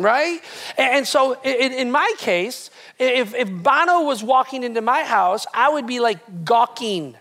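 A man's voice: very high-pitched, a little fast. Conversational male preacher telling a story. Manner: animated, conversational storytelling with many restarts. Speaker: pastor. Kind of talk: sermon. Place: church hall with live congregation.

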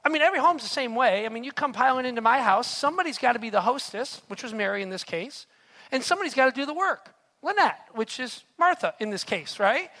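A man preaches a sermon in an animated storytelling manner. He keeps turning to his listeners with rhetorical asides and questions. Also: very high voice, fast talker. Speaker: pastor.

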